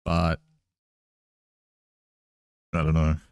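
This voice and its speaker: A low-voiced man chatting loosely about the match, quick to laugh and prone to false starts. His voice sits close and dry on the mic, with no room around it. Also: completely flat delivery, creaky, clean tone, no echo. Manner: laughs often, hesitant restarts. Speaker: podcast co-host. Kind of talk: casual sports chat while watching a game.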